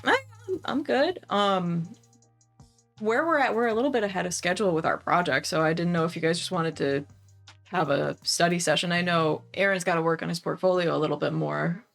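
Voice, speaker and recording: Woman playing a soft-spoken teenage boy. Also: fairly low pitch, brisk, gravelly, soft background music, voice pushed down. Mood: concerned. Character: earnest caring teenage boy student.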